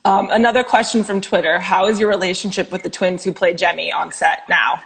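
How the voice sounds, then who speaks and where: A woman's voice: on the low side, steady tone, fairly quick, creaky, husky. A woman interviewing over a video call, asking light, teasing questions. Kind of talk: casual chat.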